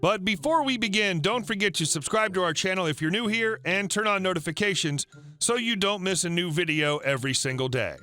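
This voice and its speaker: A man reading online revenge stories as a scripted narration, upbeat and expressive. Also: high voice, fairly quick, soft background music. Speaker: story narrator.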